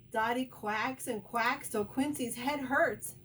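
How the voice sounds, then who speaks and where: Slow, gentle woman reading to kids. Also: fairly high pitch, distant mic. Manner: slow, clear, encouraging. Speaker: teacher. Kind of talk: reading a picture book to children.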